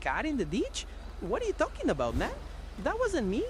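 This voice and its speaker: A woman's voice: high-pitched, wildly swooping pitch, normal speed, slight background noise. A synthetic woman's voice playing a defiant young male suspect in a game, protesting his arrest. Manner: protesting, insistent, dismissive.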